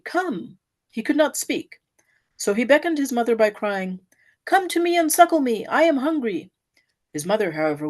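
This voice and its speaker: Woman reading a devotional story expressively. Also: on the high side. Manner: expressive storytelling, lively and earnest. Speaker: devotee giving an offering.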